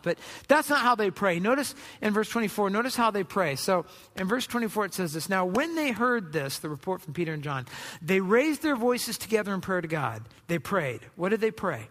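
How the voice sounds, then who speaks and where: A man's voice: sits high, big pitch swings, brisk, fairly bright tone, big-room sound. A man preaching a sermon as pastor, in a conversational way that is full of rhetorical questions.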